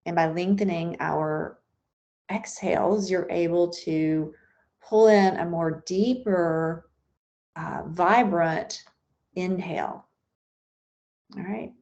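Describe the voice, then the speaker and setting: A woman's voice: lowish voice, a little mellow, lo-fi sound. A woman leading a guided breathing meditation in an unscripted, soothing way, with occasional fillers and restarts. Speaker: meditation instructor.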